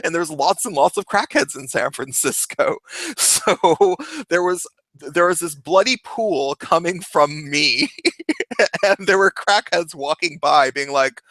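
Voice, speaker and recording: A young man telling a story in a casual, animated way, laughing often and swearing. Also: a little high, takes it slowly, dry recording. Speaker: vlogger.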